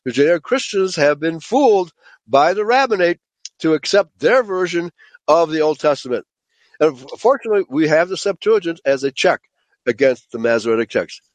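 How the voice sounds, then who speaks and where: A man with a fairly high voice teaches a Bible study lecture to a group. He speaks emphatically, stresses his points, and keeps checking in with his listeners. The sound is dry and close, with no room echo. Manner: emphatic, checks in with frequent "okay?"; addresses listeners as "folks".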